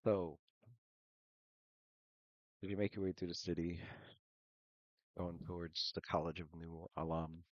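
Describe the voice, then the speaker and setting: Very deep-voiced male game master. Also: a little slow, long pauses, dry recording, lo-fi sound. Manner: relaxed, filler-laden narration. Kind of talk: tabletop game narration.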